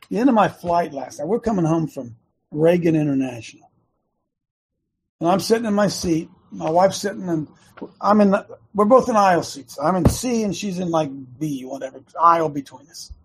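A middle-aged man hosting a Christian talk show, rambling and preachy, with many restarts and a slightly hoarse throat. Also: high voice, animated, moderate pace.

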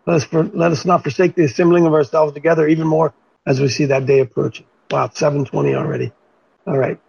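A gravelly, husky male host chatting in upbeat, casual banter. His voice sits a little high for a man. The audio is dull and lo-fi. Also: fairly even intonation, fast, darkish tone, no echo. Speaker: show host. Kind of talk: casual chat.

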